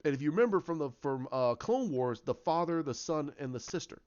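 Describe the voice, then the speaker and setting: A man casually retelling his own story idea, rambling with many restarts and acting out the quotes in a lower voice. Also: animated, fairly quick, darkish tone, clean tone. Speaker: fan commentator. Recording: dull lo-fi sound.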